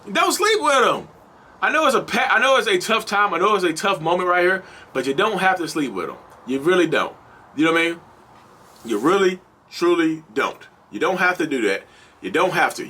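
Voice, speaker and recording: A man with a slightly high, bright, forceful voice and a breathy edge hosts a channel about toxic relationships. He addresses viewers directly as "y'all" in an animated, casual monologue that's preachy and repetitive.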